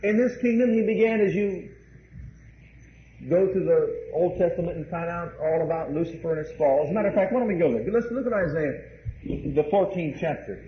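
Male pastor, high voice, emphatic sermon delivery, echoing room with a dull recording. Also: a little fast. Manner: emphatic, repeats key phrases; addresses the congregation directly. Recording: roomy, dull, faint hiss.

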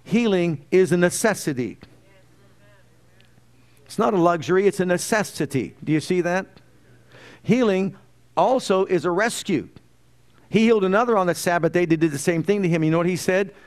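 A man preaching a sermon, animated, often questioning his listeners and acting out the quotes he tells. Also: sits high, normal speed, long pauses.

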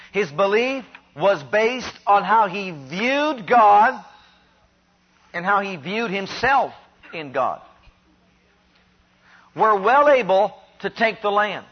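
A man preaching a sermon in an earnest, emphatic way, with deliberate, drawn-out phrasing. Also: high-pitched, breathy edge. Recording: dull lo-fi recording.

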